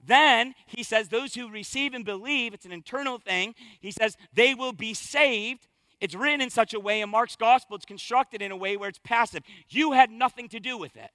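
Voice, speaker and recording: A man preaching a sermon as pastor, with energetic, emphatic delivery and punchy repetition. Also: very high voice, normal speed, no echo.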